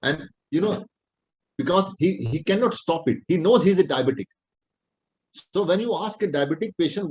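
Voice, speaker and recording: Indian man lecturing, slightly high voice. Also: animated, normal speed, a little mellow, low-quality recording. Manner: plain-spoken, repetitive explaining, non-native English phrasing. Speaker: homeopathic doctor teaching.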